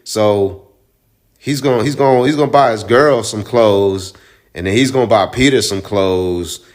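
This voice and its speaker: A man's voice: lowish voice, moderate pace. A man who owns a comic shop, casually recapping a comic book in a rambling, profane, chatty way. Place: own store in Houston.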